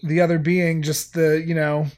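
A man's voice: fairly high pitch, level tone, normal speed, a little mellow. Man, podcast co-host, casual chat, rambling, lots of filler words.

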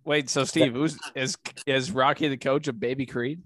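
A man's voice: medium pitch, steady tone, moderate pace, a bit bright. A man co-hosting a podcast, teasing the others in casual banter. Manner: swearing, teasing. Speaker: podcast co-host. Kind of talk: casual chat.

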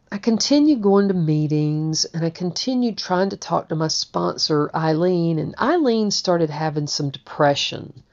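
Low-voiced woman rambling thru her own story, repeats herself, muffled sound. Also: darkish tone. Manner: candid, rambling, repeats words. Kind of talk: personal storytelling. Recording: dull lo-fi recording.

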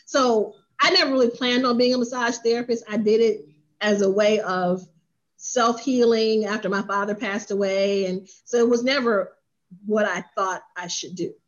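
Animated woman telling her story, lo-fi. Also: mid-range voice, moderate pace. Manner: animated, acts out quoted voices. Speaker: spa owner and business coach. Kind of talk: storytelling in an interview.

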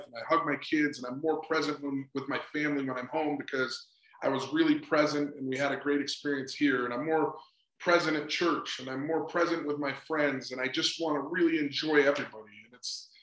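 Brief: middle-aged male consultant, higher-pitched, earnest and chatty, echoey room. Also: steady tone, brisk, fairly bright tone. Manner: earnest, repeats "right?" and "just". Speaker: sports psychology consultant. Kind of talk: casual interview talk. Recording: roomy echo.

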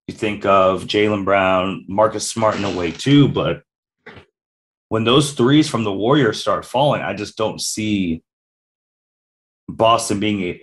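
A man co-hosting a casual sports podcast, laying out his points in a steady way. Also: on the low side, rough recording. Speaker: podcast co-host.

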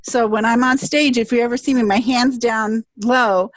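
A woman's voice: a little high, fairly even intonation, normal speed, dry recording. A middle-aged woman in casual conversation, telling a personal story in an earnest, heartfelt way. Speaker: speaker and event presenter.

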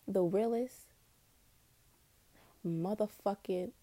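A young woman hosting a podcast, rambling in a blunt, profane, scattered way while high. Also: slow pace, warm tone, no room sound. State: high on weed. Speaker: podcast host. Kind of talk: casual rambling monologue.

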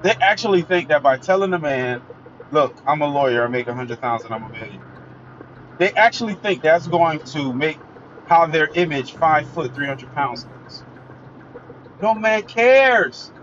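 A man's voice: a little high, a bit bright, slight background noise. A man giving a blunt, emphatic, opinionated solo monologue as a commentator. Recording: dull lo-fi recording with faint music.

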